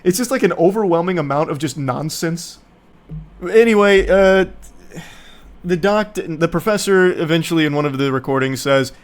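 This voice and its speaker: A man's voice: a little high, normal speed. A man from the United States, a streamer, ranting about a movie in a casual, sarcastic and profane way. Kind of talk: casual movie review rant.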